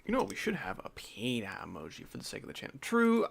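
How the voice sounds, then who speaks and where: A man's voice: mid-range voice, huge pitch swings, fast, creaky. Young man rambling casually on a stream. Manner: rambling, joking, drifts into mumbling. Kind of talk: casual live-stream chat.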